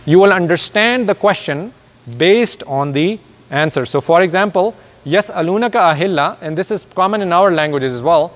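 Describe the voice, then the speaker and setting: A man's voice: high-pitched, animated, moderate pace, long reverb tail. A man, a native Urdu speaker, giving a recorded lecture and explaining step by step with rhetorical questions.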